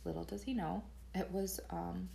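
A woman with a gravelly, fry-tinged voice, pitched a little low, talking through a book recap. She chats casually as a podcast co-host and drops dry jokes as she goes. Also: fairly even intonation, moderate pace, warm tone. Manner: chatty, laughing, dry asides.

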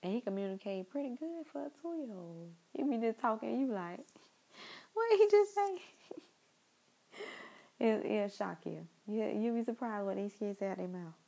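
A woman's voice: mid-range voice, a little fast, vocal fry, few pauses, warm tone, slightly rough, poor audio. A young woman talking in a casual, rambling monologue, repeating herself and speaking straight to her listeners.

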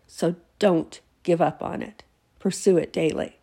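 A woman's voice: fairly low pitch, steady tone, measured pace, creaky, dark tone, slightly rough. A woman giving an earnest devotional talk to her listeners while sick with a fever and teary, emphatic and sometimes dropping to a whisper. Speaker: Christian devotional host.

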